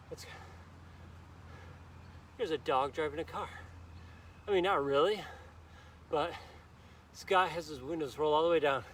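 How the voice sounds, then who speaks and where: A fairly high-voiced man leads a workout outdoors in a park, upbeat and pushing listeners on with countdowns. He is out of breath and sweating as he talks, with faint traffic behind him. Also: fairly bright tone. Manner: upbeat, urging viewers on with countdowns. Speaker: fitness instructor. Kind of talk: live workout coaching.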